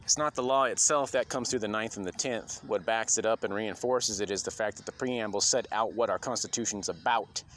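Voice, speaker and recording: A man's voice: on the low side, a little fast, hardly any pauses, fairly bright tone, a little hiss or hum. A man delivering an indignant, rambling monologue to camera about constitutional rights, full of ums and uhs. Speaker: video commentator.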